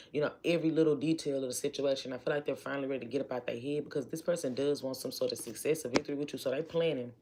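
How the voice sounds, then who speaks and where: A woman's voice: rumbling low, darkish tone. Chatty woman giving a tarot reading. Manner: chatty, emphatic, repeats lines for stress. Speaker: tarot reader.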